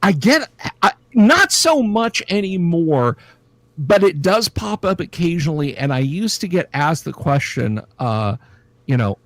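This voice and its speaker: A man's voice: fairly high pitch, big pitch swings, unhurried, fairly bright tone, dry recording. A middle-aged man hosting a casual livestream chat, rambling and joking with lots of fillers and restarts. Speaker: livestream host.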